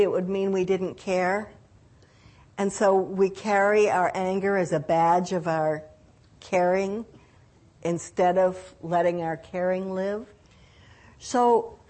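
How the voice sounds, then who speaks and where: Older woman telling a personal story. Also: medium pitch. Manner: reflective, unhurried, with restarts and lively quoted voices. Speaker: speaker telling her own story.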